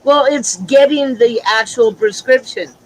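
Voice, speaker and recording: Man with a high voice, frank casual chatter, exasperated storyteller. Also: unhurried, slight background noise, poor audio. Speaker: livestream chat participant. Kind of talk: casual group chat.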